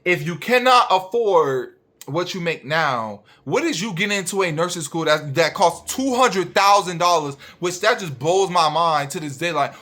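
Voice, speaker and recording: A man's voice: high-pitched, pushed and bright. Blunt, profane man ranting at viewers. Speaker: registered nurse vlogger.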